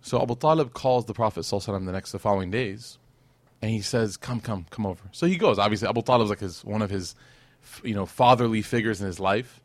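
Recorded close up and dry, with no echo, this Islamic class teacher talks quickly in a lowish voice. His lecture style is relaxed and chatty; he often asks "right?" and performs quotes as he goes.

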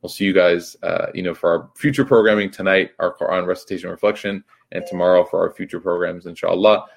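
A man's voice: low voice, fairly even intonation, quick pace, gravelly, breathy edge. A young man giving a reflective religious talk in a casual, conversational way, full of fillers and restarts. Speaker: Islamic teacher.

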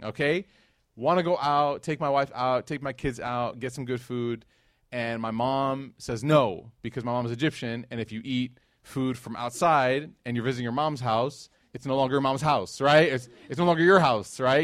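A male preacher tells stories to a live crowd with energy. He fires questions at his listeners and tosses in jokes along the way. His voice sits at an ordinary pitch for a man and sounds close and dry. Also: dry recording. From United States. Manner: animated storytelling, quizzes the audience, joking asides. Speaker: Islamic preacher. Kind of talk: conversational sermon to a live audience.

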